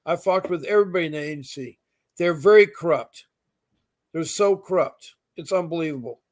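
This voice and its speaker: A middle-aged man hosts a call-in style talk show, pitched fairly high for a man. He speaks emphatically and harshly, indignant. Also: fairly quick. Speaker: host. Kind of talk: advocacy talk show conversation.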